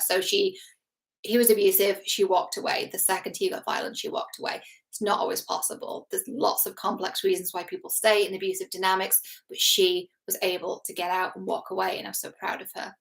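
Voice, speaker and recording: A woman's voice: mid-range voice, creaky, poor audio. Chatty, earnest woman relationship coach. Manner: chatty and earnest, acts out quotes, laughs at herself. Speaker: relationship coach reacting to a TV series. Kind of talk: casual commentary to camera.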